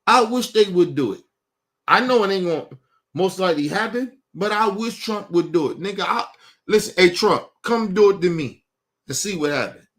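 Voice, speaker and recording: A man's voice: sits high, expressive, moderate pace, a bit bright. Cursing man ranting at his viewers. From Baltimore. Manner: emphatic, blunt, cursing, repeats himself; addresses viewers directly, urging them. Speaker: online show host. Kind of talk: profane commentary rant.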